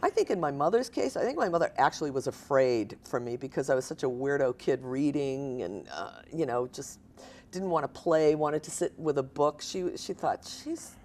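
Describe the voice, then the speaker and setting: Older woman author in her sixties, low-pitched, animated storyteller at a live reading. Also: normal speed. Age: 60s. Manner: animated storyteller, laughs often. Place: stage at a writers event.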